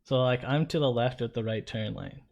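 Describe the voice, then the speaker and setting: Animated man telling a story. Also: mid-range voice, fairly quick, gravelly. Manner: animated anecdote-teller, conversational. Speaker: co-host. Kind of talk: casual storytelling chat.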